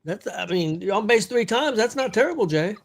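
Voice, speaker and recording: A man's voice: sits high, animated, normal speed, gravelly. A man co-hosting a casual sports talk show, combative and profane, often laughing.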